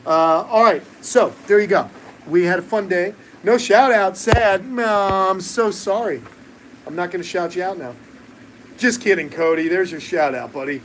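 A middle-aged man with a New York accent answers live chat in a relaxed, joking way, full of uh fillers. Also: sits high, moderate pace, background noise. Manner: relaxed, chatty, many uh fillers, jokey asides. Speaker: reptile keeper and channel host answering live chat. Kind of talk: casual live-stream chat.

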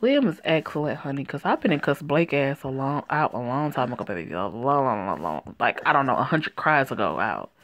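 A woman's voice: extremely low pitch, sing-song, brisk, few pauses, a bit bright. A woman giving crude, mocking comic commentary with lots of swearing. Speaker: storyteller.

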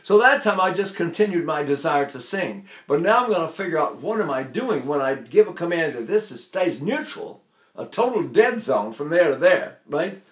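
An older man from Texas teaches singing technique in a lively, chatty way, slipping in asides and little chuckles. His speaking voice sits fairly high for a man. The room around him rings with a noticeable echo. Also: moderate pace. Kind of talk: vocal technique lesson with spoken demonstrations. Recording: roomy echo.

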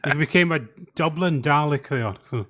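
A man's voice: on the high side, normal speed, pushed and bright. A man hosting a casual podcast commentary. He talks over an online call and steers the group. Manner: chatty, organizes the talk and guides the others. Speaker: podcast host.

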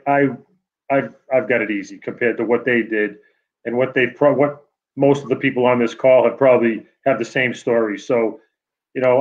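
Halting New England man, lo-fi call. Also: mid-range voice. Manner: halting, with many fillers and restarts. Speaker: award honoree. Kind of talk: acceptance speech over video call.

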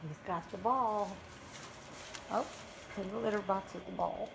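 A woman at home chatting to her pet in a high, sing-song baby-talk voice, recorded on a phone. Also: steady tone, measured pace, vocal fry. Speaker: pet owner. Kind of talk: talking to pets at home. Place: indoors at home. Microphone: handheld phone camera. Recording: noisy home phone video.

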